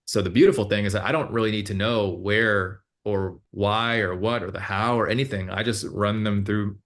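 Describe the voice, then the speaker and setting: Male hypnotherapist guest, somewhat low voice, easygoing and rambling, many fillers. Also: moderate pace. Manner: relaxed, meandering, with many fillers and self-corrections. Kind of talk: casual interview explanation.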